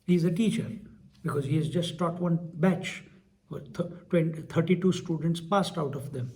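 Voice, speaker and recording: A man with an Indian accent telling an anecdote in a spiritual discourse, animated and laughing often. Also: a little high, moderate pace. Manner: animated, laughing often, mixes in Hindi phrases. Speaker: spiritual teacher. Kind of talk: storytelling discourse.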